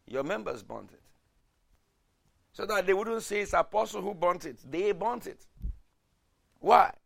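A man preaching a sermon in a dramatic way, swinging from hushed lines to shouted ones. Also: sits high, expressive, unhurried, gravelly.

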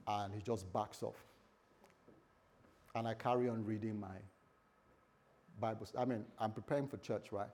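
A man's voice: on the low side, fairly even intonation, moderate pace, long pauses, a little mellow. A man preaching a sermon as a pastor, in a conversational way, with frequent restarts and acted-out dialogue.

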